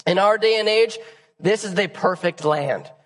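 A young man preaching a sermon on a church stage, his voice raspy and hoarse from a cold. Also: sits high, normal speed, a bit bright. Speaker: pastor. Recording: long church hall reverb.

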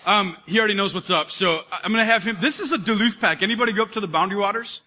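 A man's voice: high voice, racing, long reverb tail. A man preaching a sermon as pastor, talking in a casual, joking way with his congregation. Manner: energetic, conversational, joking with the congregation. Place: church auditorium.

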